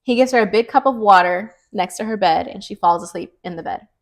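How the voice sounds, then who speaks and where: A young woman at medium pitch speaks briskly as a podcast co-host. Retelling a thriller in a casual book-recap chat, she's an animated, talkative storyteller who says "like" a lot.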